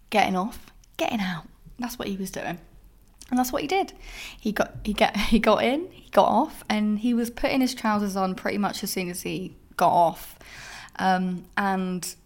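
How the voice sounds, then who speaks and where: A young woman hosts a casual solo podcast in an average-pitched voice. She tells her dating stories frankly and with lots of swearing, acting out her own reactions as she goes. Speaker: podcast host.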